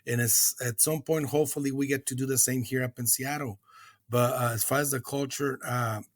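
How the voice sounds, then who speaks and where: Earnest, husky-voiced middle-aged man. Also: medium pitch, steady tone, a little fast, dry recording, clean studio sound. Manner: earnest and reflective, many hesitant uh's and restarts. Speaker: guest. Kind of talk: recovery podcast conversation.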